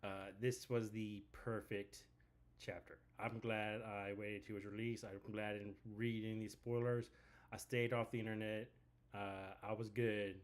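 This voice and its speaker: Slow-talking man reacting casually. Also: fairly low pitch, little pitch movement. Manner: easygoing, rambling with many fillers. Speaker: reaction video host. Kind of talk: casual live reaction commentary.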